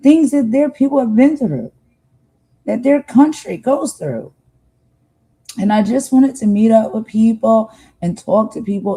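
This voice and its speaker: Earnest, mellow-voiced American woman streaming. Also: mid-range voice, husky, low-quality recording. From United States. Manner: heartfelt, repeats herself for emphasis, speaks straight to viewers. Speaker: livestream host. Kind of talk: earnest livestream monologue.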